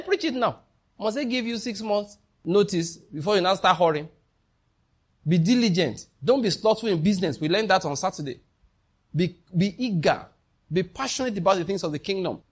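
A man preaches a sermon, fairly high in pitch. He is emphatic and keeps throwing questions out to the congregation. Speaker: pastor.

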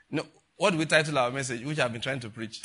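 A man's voice: mid-range voice, bright, forceful tone. An older man, preaching a sermon in a chatty way, full of rhetorical questions and asides. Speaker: pastor.

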